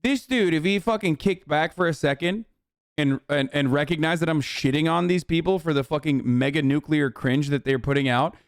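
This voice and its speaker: A man's voice: fairly high pitch, normal speed, no echo, studio quality. Profane, rambling male streamer. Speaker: streamer and political commentator. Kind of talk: live stream commentary.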